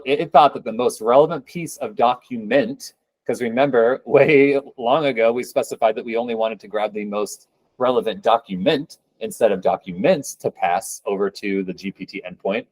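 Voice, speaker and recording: A man's voice: medium pitch, darkish tone, no room sound, poor audio. A man presenting a live coding demo at a meetup, talking casually with upbeat, joking asides.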